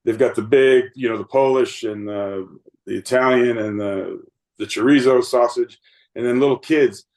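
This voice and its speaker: A man's voice: mid-range voice, normal speed, a little mellow, low-quality recording. A man in his late fifties, a baseball umpire guest, telling earnest, rambling stories with many fillers and restarts. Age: 50s. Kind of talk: reflective storytelling interview.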